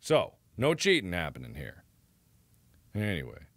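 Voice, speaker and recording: A man's voice: lowish voice, big pitch swings, moderate pace, no echo. Young guy streaming, cursing at the game, big swooping voice, dry mic. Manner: exasperated, swearing, loud outbursts. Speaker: live streamer. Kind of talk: live-stream gameplay commentary.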